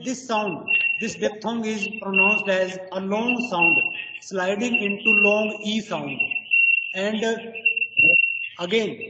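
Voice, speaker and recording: Slow, hesitant woman teaching in an echoey room. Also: medium pitch. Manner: hesitant, many pauses and "you can say" fillers. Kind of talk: slow explanatory lecture. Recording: distant echoey dull-sounding recording with loud noise.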